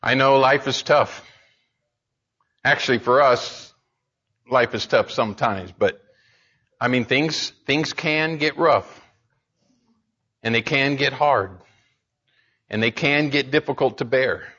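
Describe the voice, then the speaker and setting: A man's voice: mid-range voice, slow pace, long pauses, sharp tone, husky, highs cut off. A man preaching a sermon in an earnest way, building emphasis and often restarting his words as he speaks. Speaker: pastor.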